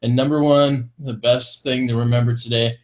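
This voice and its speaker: A man's voice: medium pitch, little pitch movement, normal speed. A man co-hosting a casual online talk show, reading a feel-good list aloud with chuckles and corny jokes. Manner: upbeat, chuckling between items, fond of corny jokes. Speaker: co-host of a vaping talk show.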